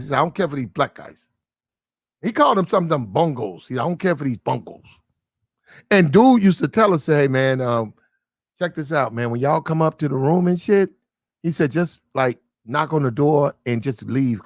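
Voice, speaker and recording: A man's voice: a little high, normal speed, dry recording, studio quality. A man casually telling a long, profane anecdote, acting out the people in it. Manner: profane, animated anecdote with quoted voices. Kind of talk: casual storytelling chat.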